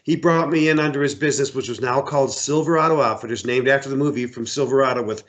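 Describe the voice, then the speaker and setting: A middle-aged American outfitter who guides hunts talks fast in a mid-range voice, telling animated stories during a casual interview and repeating words as he acts out voices.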